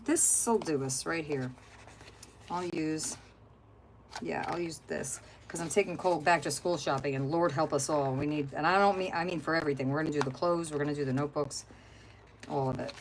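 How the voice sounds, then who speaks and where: A woman's voice: sits low, brisk, a little hiss or hum, poor audio. A middle-aged woman hosting a crafting livestream, chatting casually and rambling to her viewers as she works. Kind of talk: casual chat while crafting.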